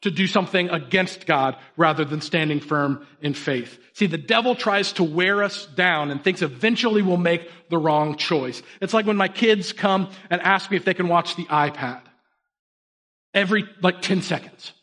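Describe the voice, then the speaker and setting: Animated high-voiced male preacher. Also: normal speed. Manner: energetic, animated storytelling with sudden emphatic bursts. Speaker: pastor. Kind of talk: sermon.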